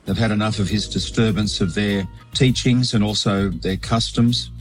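Low-voiced bishop preaching a reflection. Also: male voice, fairly even intonation, soft background music, rough recording. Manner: measured, explanatory preaching. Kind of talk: weekly sermon reflection.

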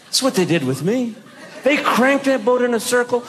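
A man delivers a stand-up routine in a high voice that leaps all over his range. He tells stories in an animated way and breaks into shouts. A noisy recording with hiss behind him. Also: moderate pace. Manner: animated storytelling with bursts of shouting. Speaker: stand-up comedian.

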